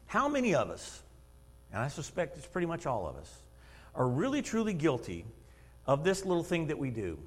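A man in his fifties preaching a sermon in a church, telling stories in an animated way, acting out quotes and laughing often. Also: fairly high pitch, moderate pace, breathy edge. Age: 50s. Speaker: lay preacher and schoolteacher. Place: church sanctuary. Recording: long reverb of a church hall.

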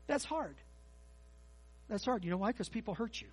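Husky, high-voiced preacher man. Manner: folksy, animated preaching with quick asides. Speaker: pastor. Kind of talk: sermon. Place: church sanctuary.

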